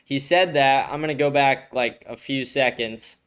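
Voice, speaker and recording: A man's voice: medium pitch, steady tone, moderate pace, a bit bright, clear, resonant tone. A young adult man hosting a podcast and reacting to a video clip in a rambling, profane, casual way. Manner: rambling, frequent swearing, restarts. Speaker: podcast host.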